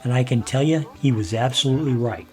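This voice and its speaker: Male gameplay commentator, mid-pitched, telling long anecdotes with chuckles over quiet music. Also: fast. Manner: rambling, chuckling, restarts, quotes others. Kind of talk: casual storytelling while playing.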